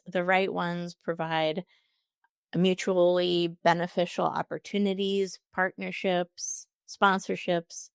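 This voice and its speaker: A woman's voice: lowish voice, gravelly, clear, resonant tone, dry recording, clean studio sound. A woman hosting a solo podcast, answering listener questions with upbeat, encouraging advice. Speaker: podcast host.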